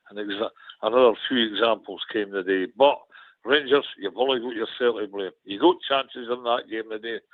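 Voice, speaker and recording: A man's voice: on the low side, dry recording. A Scottish man on a football phone-in, frank and grumbling, repeating himself. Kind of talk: casual football phone-in chat. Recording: tinny phone line.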